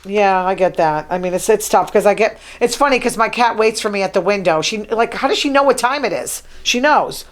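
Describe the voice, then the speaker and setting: A woman's voice: medium pitch, animated, fairly quick, few pauses. A woman hosting her own talk show, reading news items from her notes and adding chatty, wry asides. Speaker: show host. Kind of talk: casual solo talk show monologue.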